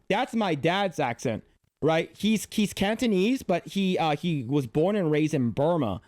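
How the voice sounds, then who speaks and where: A man's voice: fairly high pitch, lively intonation, normal speed, a little mellow, dry recording. A man streaming casual reaction commentary, rambling and repeating himself as he talks. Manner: rambling, repeats words, frequent laughs.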